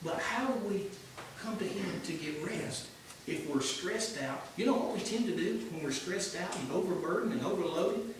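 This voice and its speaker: A man teaching a church class in an informal, earnest sermon style, swinging between hushed and emphatic. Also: sits high, lively intonation, moderate pace. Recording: echoey room from far off with noise.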